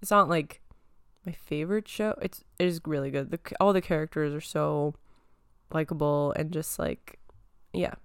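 A young woman talking through movie and TV news in a loose, rambling way, full of ums and little laughs. Her voice sits slightly low and comes across smooth and clean, with a touch of phlegm in the throat. It is recorded close and dry, with no room sound. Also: normal speed, dry recording. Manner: rambling, many fillers and giggles. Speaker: podcast host. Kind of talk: casual pop-culture chat.

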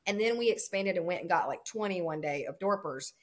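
A woman's voice: on the low side, lively intonation, a little fast. A woman farmer in casual conversation, telling stories in a chatty way and acting out the quoted exchanges.

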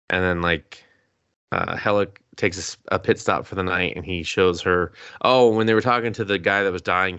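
Low voiced guy retelling a cartoon plot, jumps into silly character voices, dry close mic. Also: no room sound. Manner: animated storytelling, acting out characters' lines, laughs often, swears casually. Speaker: podcast co-host. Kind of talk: casual chat, recapping an anime episode.

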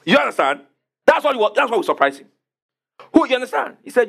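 High, lively pastor preaching. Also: male voice, brisk, creaky, long pauses, slightly rough. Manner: emphatic, repeats questions to the congregation. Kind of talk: sermon.

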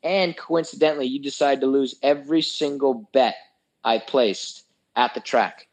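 A man's voice: medium pitch, normal speed, low-quality recording. A young man telling a story in casual chat, ranting heatedly and swearing a lot.

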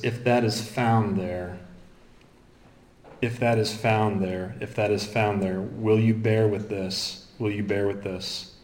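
Lower-voiced man preaching in an echoey room. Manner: expository, animated, quotes scripture. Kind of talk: sermon.

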